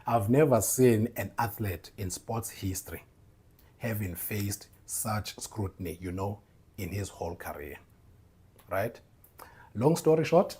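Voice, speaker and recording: A man hosting a motivational faith podcast, talking to listeners as "bro" and "man" and bursting into loud laughter. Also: lowish voice, breathy edge. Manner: tags lines with "bro", "man" and "right?". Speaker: podcast host.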